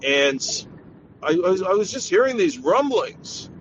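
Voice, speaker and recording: A man guest in a casual podcast chat, telling stories in a measured way. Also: high voice, very animated, fairly bright tone, lo-fi sound, slight background noise.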